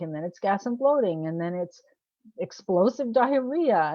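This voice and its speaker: A woman's voice: mid-range voice, dry recording. A woman coach talking casually to the camera, posing rhetorical questions and laughing at herself. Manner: conversational, asks rhetorical questions. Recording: dull, dry sound.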